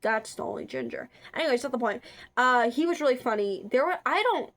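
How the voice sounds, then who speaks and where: A woman's voice: sits high, expressive, fairly quick, a bit bright. A young woman chatting casually for her vlog, rambling with lots of filler words and restarts. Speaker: vlogger. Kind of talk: casual chat.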